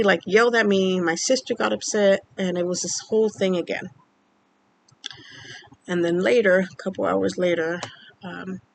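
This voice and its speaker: A woman vlogger casually telling a personal story, rambling and halting with many fillers, sounding upset and emotional. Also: on the low side, creaky, a little hiss or hum, low-quality recording. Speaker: vlogger keeping a mood journal.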